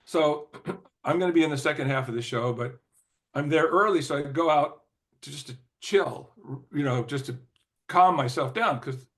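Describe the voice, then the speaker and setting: An older man, a former record executive, telling a rambling anecdote in an interview, with frequent "you know" fillers, restarts, laughs and throat clearing. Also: a little high, normal speed. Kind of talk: anecdotal storytelling in conversation.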